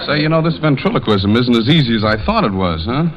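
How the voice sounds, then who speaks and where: A man hosting a 1930s radio comedy with quick, playful wisecracks. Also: mid-range voice, animated, lo-fi sound, very noisy. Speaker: host.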